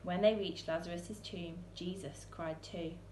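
A woman reading a children's picture book aloud in a church, expressive, with soaring questions and hushed lines. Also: on the low side, unhurried, reverberant, slight background noise. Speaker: storyteller.

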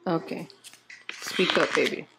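A woman's voice: deep voice, a little slow, gravelly. A young woman vlogging at home, chatting casually with viewers and patiently coaching her child through reading. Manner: chatty, talks to viewers directly. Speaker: mom vlogger. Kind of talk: casual home vlog chat. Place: apartment home. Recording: noisy home recording with clicks.

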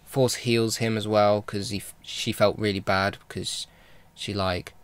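A man's voice: fairly low pitch, flat delivery, measured pace, clean tone, dry recording. A man vlogging a casual film recap, rambling and enthusiastic, with lots of fillers and restarts. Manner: enthusiastic fan talk.

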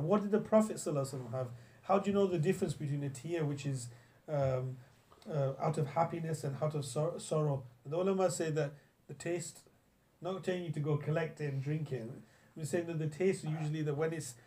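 A young man teaches a religious class in a loose, chatty way, often restarting his sentences and telling stories. His voice sits a little higher than most men's. He mixes in recited Arabic lines. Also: fairly quick, dark tone. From England. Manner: storytelling, chatty, many restarts, quotes Arabic. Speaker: Islamic teacher. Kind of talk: classroom lesson on hadith.

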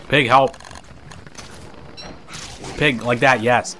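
A man's voice: fairly low pitch, fairly even intonation, a little slow, pauses often, a bit bright, a little hiss or hum. A man giving casual let's-play commentary, chatting to the characters on screen, laughing and swearing as he plays. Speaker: gameplay commentator.

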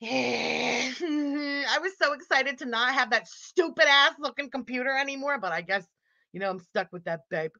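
A woman's voice: high-pitched, sharp tone, no echo. A woman hosting a livestream and reading out super chats in casual chat. She laughs often, teases her viewers and swears freely. She talks through a muffled built-in computer mic. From Quebec, Canada.

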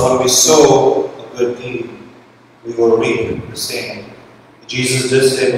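A Trinidadian man, a priest, preaching a storytelling homily and slowing down for emphasis. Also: medium pitch, level tone. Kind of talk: sermon. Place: large church. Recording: echoey church from far off, faint hiss.

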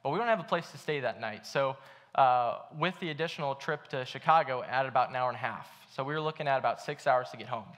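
A man's voice: mid-range voice, fast, fairly bright tone. A young man preaching a sermon at a church, telling a story in a casual way with many fillers. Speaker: pastor.

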